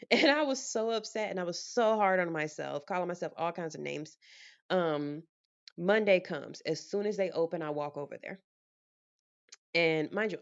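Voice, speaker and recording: A woman vlogger in casual storytime mode, telling her story with lively energy and acting out the conversations. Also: low voice, gravelly, highs cut off.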